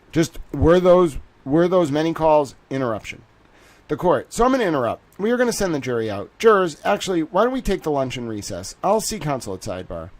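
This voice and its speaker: A man hosting a livestream, reading a court transcript aloud and breaking off with amused, laughing commentary. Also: medium pitch. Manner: laughs often and reacts with amused disbelief. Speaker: livestream host.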